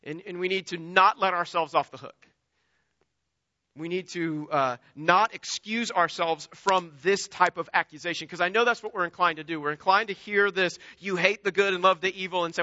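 A man's voice: high voice, normal speed, sharp tone, no room sound, dull audio. A man preaching a sermon in an earnest, emphatic way, often repeating himself. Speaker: pastor.

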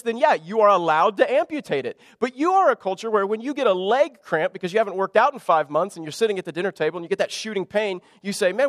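A man's voice: high-pitched, dry recording, big-room sound. A man preaching a sermon in a conversational way, often restarting phrases and leaning hard on key words. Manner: conversational preaching with frequent restarts and lively emphasis. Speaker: pastor.

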